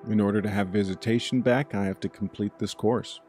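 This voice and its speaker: A man's voice: fairly low pitch, steady tone, brisk, darkish tone, soft background music, close to an everyday voice. A man voicing a cheery, open young male coffee shop worker in a spoken bedtime story. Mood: casual.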